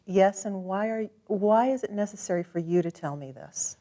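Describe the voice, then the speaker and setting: Calm woman guiding a tapping session. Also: mid-range voice, moderate pace. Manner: calm, gently directive, encouraging. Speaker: tapping practitioner.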